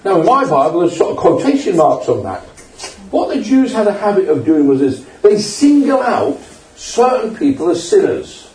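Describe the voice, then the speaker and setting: A man's voice: sits high, sing-song, moderate pace, a little mellow. An older man with a humorous, conversational manner, preaching a sermon in a church and putting questions to the congregation. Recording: echoey church hall, mic at a distance.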